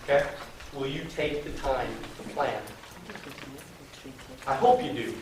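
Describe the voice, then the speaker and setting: A man working as a sales trainer in a meeting room, giving a lively motivational seminar full of slang and call-and-response chants. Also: medium pitch, a little slow. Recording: very echoey room from a distance, faint noise.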